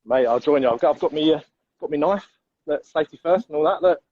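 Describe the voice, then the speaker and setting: A man's voice: a little high, a little mellow, dry recording, dull audio. A young man co-hosting a casual live show, enthusiastic and calling his partner mate. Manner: enthusiastic, rapid, says mate often. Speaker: co-host.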